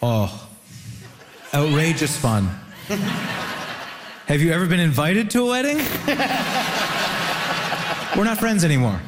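A man's voice: on the high side, sing-song, takes it slowly, long pauses, very noisy. A man from Ontario doing a wry, mock-exasperated stand-up bit in a comedy debate. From Ontario, Canada. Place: stage before a live audience. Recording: live stage, audience laughter, reverb.

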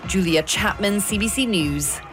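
A woman reading a scripted news report in a measured broadcast delivery. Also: medium pitch, over music.

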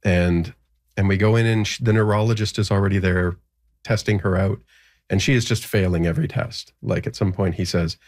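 Low-voiced man recounting a hard story. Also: darkish tone. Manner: halting, filler-heavy, laughs nervously. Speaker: guest telling a personal story. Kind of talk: interview storytelling.

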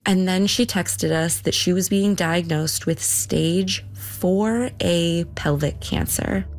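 A woman with a lowish voice speaks at a slow pace, earnestly recalling events in an interview. Her personal recollection often quotes what she and others said.

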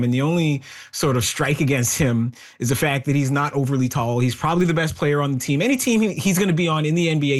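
A man talking as a sports analyst guest, analytical and conversational. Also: mid-range voice. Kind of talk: casual interview talk.

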